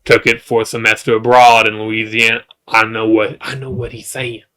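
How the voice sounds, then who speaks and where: A man's voice: monotone, moderate pace, bright, forceful tone, smooth. A man casually recapping a show's season with jokes, asides and restarts. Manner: rambling, jokey, with asides and restarts; works up into high-pitched exasperation. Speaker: show reviewer.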